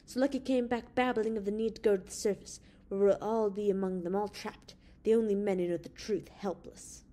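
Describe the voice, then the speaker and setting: Woman doing a tense male officer, insistent and accusing, raised voice, mellow timbre. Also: mid-range voice, steady tone, a little fast, natural voice. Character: tense male officer holding friends at gunpoint.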